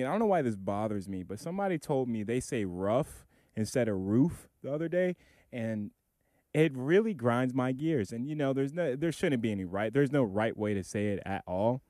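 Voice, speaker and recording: A young man co-hosting a casual podcast chat, talking in animated, rambling bursts with lots of restarts. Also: medium pitch, normal speed, dry recording, clean studio sound. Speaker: podcast co-host.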